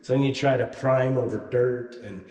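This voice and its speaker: A man's voice: medium pitch, fairly even intonation, normal speed, dark tone. Man, easygoing vlog chat, joking, echoey empty shop, long reverb. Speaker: vlogger. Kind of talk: casual chat. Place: unfinished shop building.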